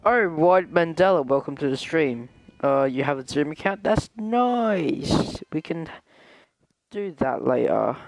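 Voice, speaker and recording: A man's voice: fairly high pitch, expressive, unhurried, vocal fry, dry recording, poor audio. Laughing, swearing young male streamer. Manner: laughs often, swears freely, stammers. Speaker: gaming streamer. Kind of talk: casual let's-play chat with friends.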